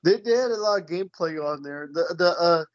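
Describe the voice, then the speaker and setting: Man, high pitch, hesitant casual talker, lo-fi recording. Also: expressive, brisk, no echo. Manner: hesitant, many fillers and restarts. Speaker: friend in conversation. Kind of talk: casual chat.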